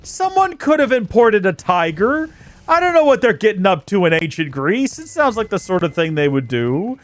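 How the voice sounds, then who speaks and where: A man giving chatty let's play commentary in a fairly high voice. His pitch swings widely as he jokes and mocks himself while he plays. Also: sing-song, normal speed. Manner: chatty, joking, self-mocking. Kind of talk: gameplay commentary.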